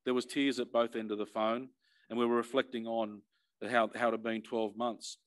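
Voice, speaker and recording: Man, middle-aged, Australian accent, earnest, emphatic, restarts with repeated words, mid pitch. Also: flat delivery, normal speed. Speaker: fire and emergency commissioner. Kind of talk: earnest personal address.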